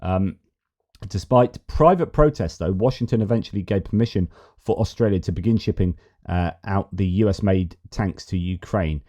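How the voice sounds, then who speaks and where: A man's voice: sits low, normal speed, warm tone. A man hosting a news commentary show, reading out reports and adding his own musings. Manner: reads reports aloud, then muses with fillers and restarts. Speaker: host.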